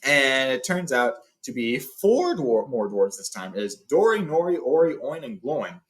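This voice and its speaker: A man's voice: medium pitch, sing-song, measured pace. A man hosting a casual read-along, retelling a story in a chatty way with fillers and self-corrections. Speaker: host reading a book aloud.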